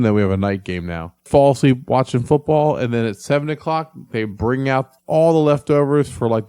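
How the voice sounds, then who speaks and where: A man's voice: medium pitch, smooth, no room sound. Blunt middle-aged man, dry close sound. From Philadelphia. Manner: blunt, animated storyteller, swears freely. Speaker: podcast co-host. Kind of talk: casual chat.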